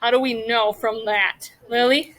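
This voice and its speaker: A woman's voice: fairly high pitch, steady tone, fairly bright tone, rough recording. A woman teacher reading a novel aloud to her class and stopping to ask the students questions. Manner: pauses to question students about the story.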